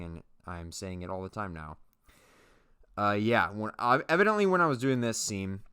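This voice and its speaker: A man's voice: low voice, pushed and bright, clear, resonant tone. A man casually narrating his own leatherworking footage, rambling and joking at his own expense. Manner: rambling, self-mocking, jokey asides. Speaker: leatherworking channel host.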